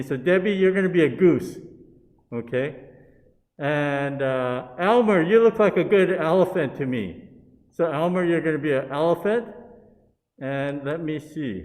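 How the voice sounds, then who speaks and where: A man's voice: a little high, expressive, darkish tone, in a large hall. A man leading a Buddhist service, telling a story and handing out parts to participants on a video call. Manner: unhurried, coaxing storyteller who hands out parts.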